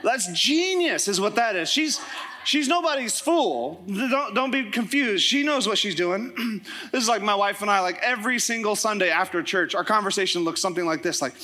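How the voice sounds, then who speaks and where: A young man preaching in a church service, his voice strikingly high and bright. He tells funny stories with lively, animated delivery before the congregation. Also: moderate pace. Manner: animated, joking storytelling. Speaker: pastor. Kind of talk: sermon.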